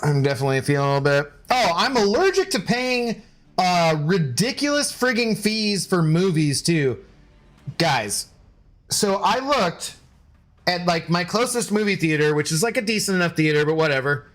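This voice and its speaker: A man's voice: sits high, sing-song, normal speed, fairly bright tone. A young man streaming a game, chatting casually and ranting with exasperation, swearing freely. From United States. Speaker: gaming streamer. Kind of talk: casual live-stream commentary.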